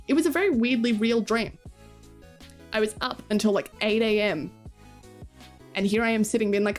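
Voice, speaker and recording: A woman's voice: a little high, fairly quick, faint music behind. A young adult woman streaming live, chatting casually with her viewers, giggling often and swearing freely as she rambles.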